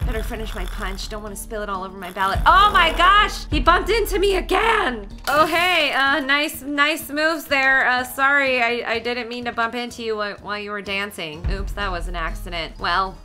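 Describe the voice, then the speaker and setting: A woman gaming as a silly character, excitable, stammering over herself and squealing up high. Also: moderate pace, few pauses, soft background music. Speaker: gaming video host. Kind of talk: playful game commentary in character.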